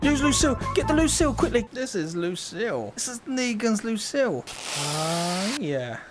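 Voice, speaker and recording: A woman's voice: on the high side, very animated, normal speed. A woman streaming VR gameplay on a headset, rattling off crude, sweary banter aimed at game characters. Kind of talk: chaotic gameplay commentary. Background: loud background music.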